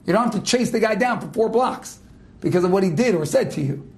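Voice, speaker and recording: A man, a rabbi, giving a Torah class, telling a personal story in an animated way and then speaking directly to his listeners. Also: sits high, a little fast. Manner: animated storyteller who acts out quoted speech; direct, exhorting address to listeners. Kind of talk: lecture with personal anecdote.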